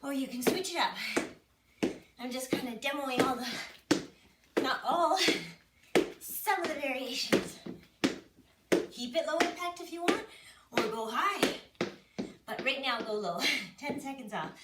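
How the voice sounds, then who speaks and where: A woman's voice: high voice, animated, unhurried, long pauses. A woman fitness instructor leading a home workout, chatty and self-mocking, cueing moves and counting down the seconds. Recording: echoey room, mic at a distance, noisy.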